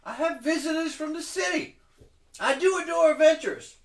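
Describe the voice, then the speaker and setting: A man's voice: extremely high pitch, moderate pace, voice pushed up. A man voicing a flamboyant halfling woman who owns a mead hall, speaking in a grand, theatrical way. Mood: grandly indignant. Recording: echoey room.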